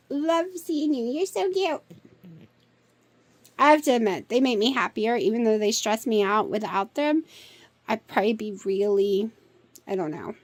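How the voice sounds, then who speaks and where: A woman vlogger with a slightly high voice chats casually to her camera in a room at home, talking to her cats and cooing at them in baby talk. The recording has no echo.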